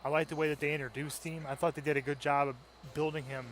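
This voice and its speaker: A man co-hosting a wrestling video game stream, chatting in a relaxed, rambling way with chuckles. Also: a little high, fast, a little hiss or hum. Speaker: co-host. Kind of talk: casual game commentary.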